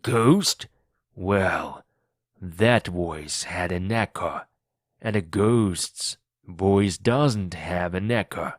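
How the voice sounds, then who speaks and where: A hardened pirate captain barks firm orders, as a man puts him on in a storybook reading. The voice sits low and moves slowly. The sound is dry and close, with no room around it. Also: no echo. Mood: commanding. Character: hardened one-legged male pirate leader, commanding. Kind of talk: audiobook reading for learners.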